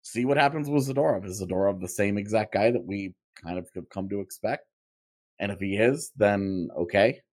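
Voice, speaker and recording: In casual sports talk on a podcast, a male co-host muses about hockey contracts, frequently starting his thoughts over. He speaks at normal speed with a lowish, slightly mellow voice.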